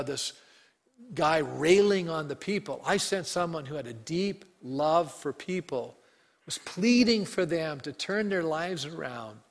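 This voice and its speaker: A male pastor delivers an earnest sermon in a slightly higher voice than most men. His words carry a long reverb, as if he is preaching in a big hall. He slows down and drops his voice on the lines he reads from scripture. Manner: earnest preaching, reading scripture aloud with slowed, falling emphasis.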